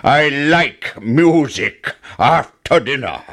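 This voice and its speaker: A man voicing a huge, greedy male giant in a storybook reading, booming slowly with a gruff, altered timbre. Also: expressive, a bit bright. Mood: demanding. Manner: slow booming drawn-out delivery.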